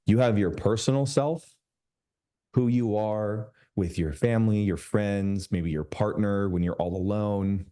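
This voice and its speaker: A man coaching a group over a video call, emphatic and slowing down to stress his points. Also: on the low side, dark tone. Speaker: business coach.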